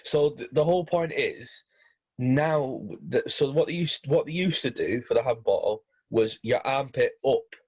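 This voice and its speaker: A man co-hosting a casual football podcast, talking in halting bursts with many restarts. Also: mid-range voice, slightly rough. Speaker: podcast co-host.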